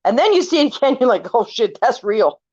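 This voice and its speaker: A woman's voice: on the high side, fairly quick, no room sound. Woman in her 40s, chatty storyteller who voices every quote, dry close sound, dull lo-fi recording. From California. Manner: animated, acts out quoted voices, swears casually. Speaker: family member telling ghost stories. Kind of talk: casual storytelling chat.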